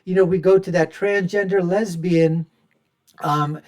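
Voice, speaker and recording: Hosting his own show, a man delivers emphatic, opinionated solo commentary, repeatedly addressing his listeners as folks. His voice sits high and his tone stays steady at a measured pace, though he repeats phrases for punch and swings between loud and soft.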